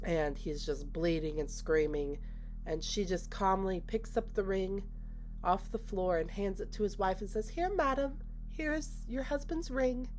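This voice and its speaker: A woman's voice: fairly low pitch, steady tone, a little slow, darkish tone, a little hiss or hum. A woman casually recapping a film scene by scene, chatty and full of "like" as she retells what characters say. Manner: chatty, retells scenes with lots of "like" and quoted dialogue. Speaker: movie reviewer. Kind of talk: casual spoken movie recap.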